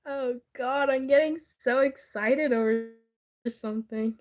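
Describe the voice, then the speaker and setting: A woman's voice: sits high, fairly even intonation, unhurried. A woman in casual chat with a friend, giggling often, teasing and swearing casually.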